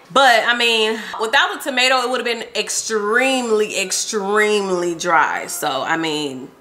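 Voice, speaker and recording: A woman's voice: medium pitch, lively intonation, unhurried, few pauses, pushed and bright, faint music behind. A young woman vlogging in her home kitchen, chatting casually and animatedly while she cooks, with plenty of slang. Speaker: cooking vlogger. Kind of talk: casual chat while cooking.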